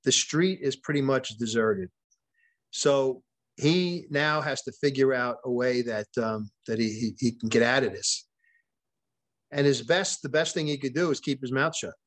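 A man's voice: medium pitch, unhurried. Man retelling a story with many restarts. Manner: frequent restarts and repeated words; retells events with quoted dialogue. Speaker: podcast guest, author. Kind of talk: conversational storytelling in an interview.

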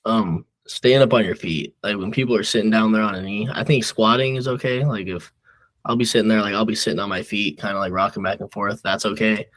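Rambling young man, low voice. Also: fairly even intonation, fairly quick, a bit bright, poor audio. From Nebraska. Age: young adult. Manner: rambling, filler-heavy storytelling. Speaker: guest wrestler. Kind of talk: casual podcast chat.

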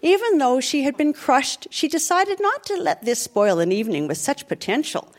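A woman reading a dark comic story aloud in an animated, playful way. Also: high-pitched, normal speed.

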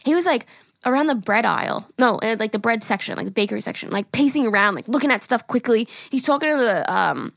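A woman's voice: on the high side, quick pace, vocal fry, no echo, studio quality. A woman in her twenties co-hosting a podcast, telling stories in casual chat with frequent laughs and swearing. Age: 20s. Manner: animated storytelling, laughs often, swears. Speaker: podcast co-host.

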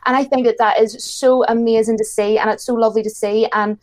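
A chatty woman with an Irish accent and a fairly high voice. She talks in a gushing, casual way and laughs often. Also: flat delivery, fast talker. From Ireland. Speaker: guest YouTuber. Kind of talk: casual chat.

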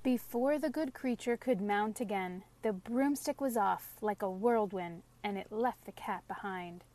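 A woman's voice: medium pitch, unhurried, a little mellow. Woman reading a storybook aloud.

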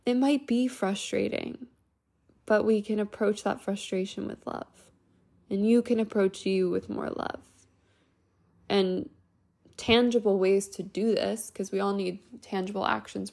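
Gravelly-voiced woman podcast host. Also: medium pitch. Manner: gentle, reflective, speaks in loose flowing sentences with frequent "like" and "you know". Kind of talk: casual self-help podcast talk.

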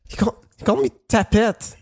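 High-voiced man, excitable and profane. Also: a little fast, gravelly. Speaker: podcast co-host. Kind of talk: casual chat.

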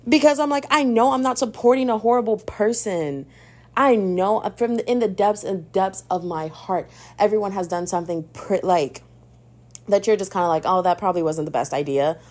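A young woman hosting a podcast, chatting in a sassy, animated way about pop culture and calling the listener "babes.". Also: medium pitch, normal speed. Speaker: podcast host. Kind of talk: casual pop-culture gossip commentary.

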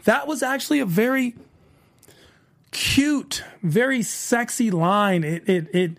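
Gravelly high-voiced man recapping a show. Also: slow. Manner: chatty, animated retelling with voiced quotes. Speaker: podcast host recapping a TV show. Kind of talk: solo aftershow recap.

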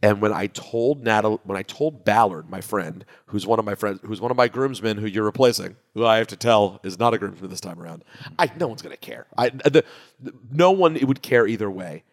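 A man's voice: lowish voice, a little fast. Man telling stories in an echoey room. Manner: animated, acts out quoted friends. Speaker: podcast co-host. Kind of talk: casual chat and storytelling. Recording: echoey room with long reverb.

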